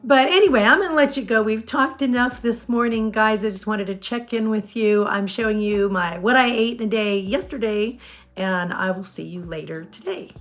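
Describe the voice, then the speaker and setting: A woman's voice: mid-range voice, normal speed. Chatty woman in her fifties. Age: 50s. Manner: chatty, rambling, laughs often. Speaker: weight-loss vlogger. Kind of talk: casual chat to camera.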